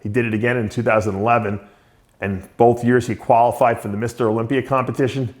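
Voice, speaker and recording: A man's voice: medium pitch, level tone, quick pace. A male show host giving an unscripted spoken tribute to a late friend, reminiscing with frequent short laughs.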